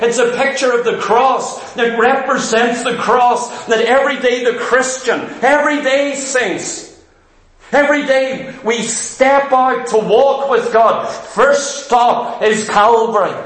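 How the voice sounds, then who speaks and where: A man with a Northern English accent preaching a sermon, fervent and quick, firing rhetorical questions at his listeners. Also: extremely high pitch, fairly bright tone, echoey room.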